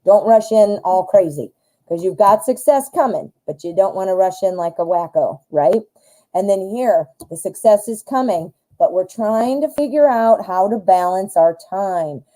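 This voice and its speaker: A woman's voice: medium pitch, expressive, normal speed, warm tone, poor audio. A woman hosting a live tarot stream, reading cards in a chatty, upbeat way and talking straight to her viewers. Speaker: tarot reader, live show host.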